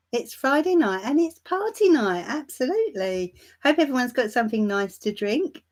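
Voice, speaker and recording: A woman hosting a tarot live stream, chatting warmly and calling viewers darling and my love. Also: medium pitch. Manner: laughs lightly between remarks. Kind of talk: casual livestream chat greeting viewers.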